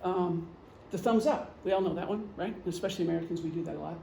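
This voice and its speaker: A woman's voice: on the low side, quick pace, gravelly, mellow, slight background noise. Chatty woman lecturing in an echoey room. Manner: chatty, joking, acts out gestures. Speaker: presenter, retired police officer and veteran. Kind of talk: casual lecture.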